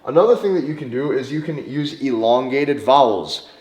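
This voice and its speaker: A man giving dating advice in a direct, emphatic monologue, sometimes slowing down and stretching words for emphasis. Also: mid-range voice, expressive, a little mellow. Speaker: dating coach. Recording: roomy echo.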